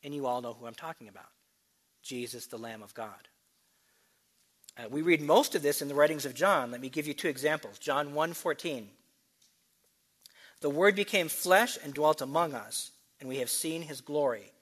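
A man preaching a sermon, explaining scripture with quick asides and slow, emphatic readings. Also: a little high, fairly bright tone, husky. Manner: expository teaching, shifts between brisk asides and slow emphatic reading.

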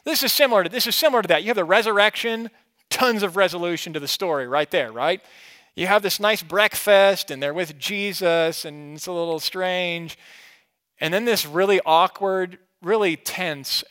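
This pastor's voice sits high as he preaches an expository message in a conversational manner. He poses questions to the audience and alternates between emphatic and hushed passages.

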